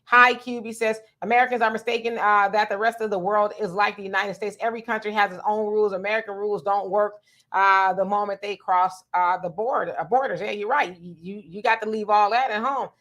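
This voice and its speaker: A woman's voice: medium pitch, fairly even intonation, a little fast, a bit bright. A woman hosting a live talk stream, telling stories with a lot of energy, laughing often and reading viewer comments aloud.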